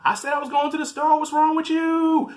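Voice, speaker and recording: A man voicing a furious young woman neighbor in a high, shrieking voice. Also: little pitch movement, fairly quick, lightly acted. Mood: shrieking, exasperated. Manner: high-pitched shrieking, loud.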